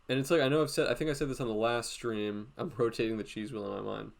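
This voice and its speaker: Guy streaming a drawing class, kinda gravelly voice, chill step-by-step explaining. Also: mid-range voice, steady tone, quick pace. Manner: thinks aloud, step-by-step, frequent "like" fillers. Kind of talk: casual live drawing tutorial.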